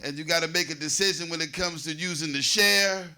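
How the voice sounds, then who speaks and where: A man's voice: a little high, a little fast, pushed and bright, clear, resonant tone. A man in his forties from New Jersey doing a loose, conversational stand-up set, riffing with the audience on a comedy stage. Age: 40s.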